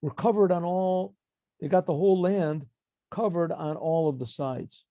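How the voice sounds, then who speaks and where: A man teaching a Torah class as a rabbi, reading Hebrew phrases, translating and explaining them in a lively lecture with frequent restarts. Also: on the high side, unhurried, no room sound. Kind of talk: lecture with commentary.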